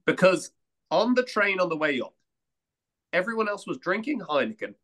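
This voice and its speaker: A man in casual podcast chat, telling a story in an animated way with some swearing. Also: high voice, normal speed. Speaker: podcast co-host.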